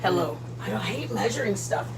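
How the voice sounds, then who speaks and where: Her pitch is medium and her pace fairly quick as she hosts a relaxed cooking stream in her own kitchen. Chatty and playful, she greets viewers by name with loud bursts of excitement, and the recording is very noisy.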